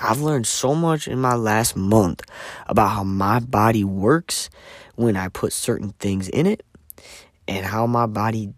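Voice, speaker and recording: A man's voice: fairly low pitch, no echo, clean studio sound. A man vlogging a candid personal reflection, emphatic and swearing freely, sometimes dropping to a near-whisper.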